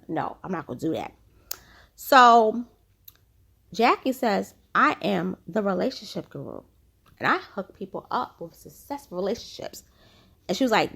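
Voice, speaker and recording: A woman with a gravelly, fry-edged voice talks through a reality show episode. She sits at a middle pitch, replays scenes by quoting the cast, and drops in her own chatty opinions along the way. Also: fairly bright tone. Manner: chatty, retells scenes with quoted lines and asides. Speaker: reality TV recap host. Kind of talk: casual episode recap.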